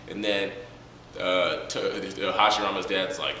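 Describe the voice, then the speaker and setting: A man's voice: deep voice, moderate pace, bright, forceful tone, recorded from a distance, a little hiss or hum. A man reviewing a manga chapter in a casual, rambling, joking way, with many fillers. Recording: echoey room, from the mic.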